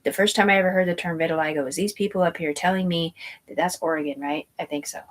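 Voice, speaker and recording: A woman's voice: on the low side, steady tone, fast talker. A woman telling a long personal story in a rambling, tangential way, swearing freely and piling up fillers and asides. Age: adult.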